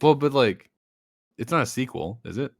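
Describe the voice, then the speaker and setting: A man's voice: mid-range voice, expressive, normal speed, vocal fry, no echo, studio quality. A man co-hosting a podcast in casual chat, explaining things matter-of-factly. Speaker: podcast co-host.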